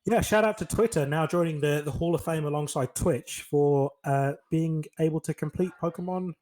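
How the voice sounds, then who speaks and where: Excitable higher-voiced man co-hosting a podcast. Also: normal speed. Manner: excitable, marvels at the news. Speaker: podcast co-host. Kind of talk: casual chat.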